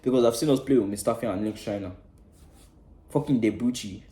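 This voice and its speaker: A man with a lowish voice, talking a little fast, hosts a football fan channel and launches into a passionate, preachy rant reacting to a match. He swears freely, veering between loud outbursts and hushed asides, and the sound is reverberant.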